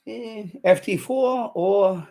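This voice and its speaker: A man's voice: high voice, slow, creaky, warm tone. A man talking casually and out of breath on a live stream about his ham radio, laughing to himself as he moves gear around his setup.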